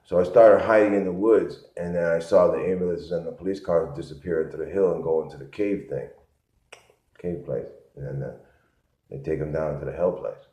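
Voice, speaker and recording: A man from Connecticut telling a rambling, repetitive story in a low-key monologue. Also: fairly even intonation, fairly quick, warm tone. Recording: echoey, muffled lo-fi room sound.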